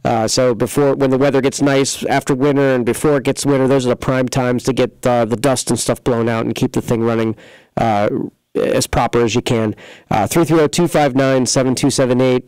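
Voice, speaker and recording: In a studio, a man hosts a local, radio-style talk segment about computer repair, rambling in a folksy way full of fillers and restarts. His mid-range voice is steady, clear, resonant, a little mellow, and a little fast, with no echo but poor audio.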